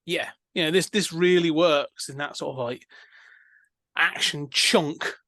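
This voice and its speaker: A man's voice: a little high, measured pace, bright, forceful tone, no room sound. A man chatting casually about a film as a podcast co-host, rambling with many fillers and restarts.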